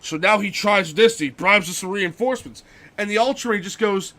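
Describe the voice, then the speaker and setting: His voice is high, sharp, and fairly quick as the young man plays a game on stream. Casual and profane, he rants freely about books he's been reading.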